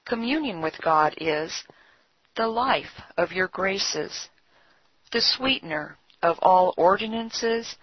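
A woman reading old devotional writings aloud in a measured, solemn cadence. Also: fairly low pitch, lively intonation, slightly rough, no room sound. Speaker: devotional reader. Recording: dull lo-fi recording.

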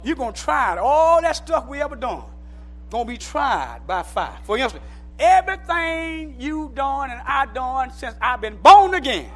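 High-voiced preacher man, shouting and dropping low. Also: big pitch swings, moderate pace, faint music behind. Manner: preaching, swinging from low asides to shouted exhortation. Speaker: pastor. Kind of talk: call-and-response sermon.

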